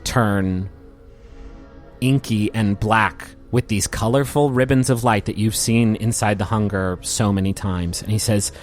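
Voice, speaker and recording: A man's voice: lowish voice, steady tone, measured pace, soft background music. A man as game master, narrating a tabletop role-playing scene in a descriptive storytelling way.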